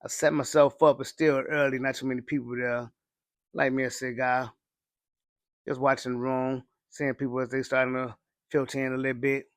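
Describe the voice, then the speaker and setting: A man's voice: medium pitch, level tone, normal speed. A man giving a laid-back, conversational cigar review, often saying "you know". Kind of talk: casual review talk.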